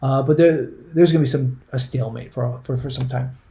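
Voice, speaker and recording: A man's voice: medium pitch, steady tone, brisk, gravelly, warm tone. A man giving a conversational history lesson, often restarting words and checking in with the listener. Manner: conversational, repeats words, frequent "right?" checks. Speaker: history teacher. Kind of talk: classroom history lecture.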